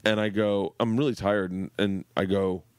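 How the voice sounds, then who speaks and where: A man in his forties telling funny stories about his daughter in casual podcast chat, animated and profane, laughing as he goes. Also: fairly low pitch, moderate pace, clear, resonant tone, dry recording, studio quality. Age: 40s. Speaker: comedian guest.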